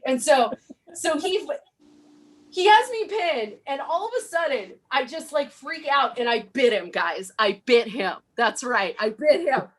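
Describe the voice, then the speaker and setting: A woman doing a stand-up comedy set, her voice high and bright for a woman. She tells her stories in a brash, profane, punchy way. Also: very animated, unhurried. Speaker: stand-up comic.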